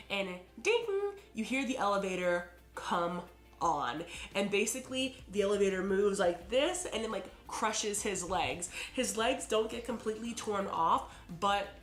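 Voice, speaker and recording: A woman talks through a TV episode in a loose, casual recap and fills her sentences with "like" and "you know." Her voice sits at an ordinary middle pitch for a woman. The room gives it a noticeable echo, and a little music plays faintly underneath. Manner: chatty, heavy on "like" and "you know". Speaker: TV episode reviewer. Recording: roomy echo.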